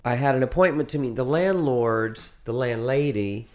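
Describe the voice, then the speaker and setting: A man being interviewed, telling a long story in a rambling, animated way with many restarts. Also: medium pitch, normal speed. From United States. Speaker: interviewed musician. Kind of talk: casual interview.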